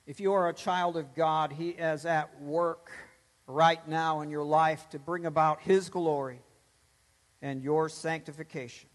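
Male pastor, high-pitched, emphatic sermon delivery, long church reverb. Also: fairly even intonation, measured pace. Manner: emphatic preaching, swells and drops for stress.

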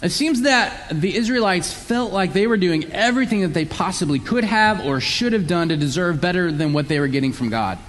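A man preaches a sermon, explaining scripture in an earnest, teaching way, with a voice pitched a little high. He sometimes slips into mocking, sarcastic voices to act out the people he is describing. A long reverb trails his words, as in a church sanctuary. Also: a bit bright, a little hiss or hum.

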